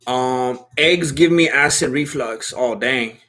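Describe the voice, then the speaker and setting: This man takes it slowly in a mid-range voice that sounds pushed and bright. He's hosting a casual fight watch-along livestream, fielding viewer questions with relaxed slang and frequent laughter.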